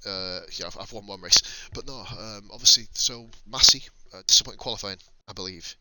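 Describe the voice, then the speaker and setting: A man's voice: on the low side, fairly quick, bright, forceful tone, low-quality recording. A man in his thirties from North England with a Northern English accent, commentating a sim race on a live stream in a casual, chatty way, swearing and laughing often. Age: 30s.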